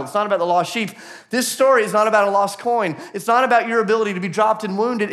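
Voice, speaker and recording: A man preaching a sermon to a church congregation, earnest and building to animated emphasis, with quick acted-out asides. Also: high voice. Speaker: pastor. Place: church auditorium.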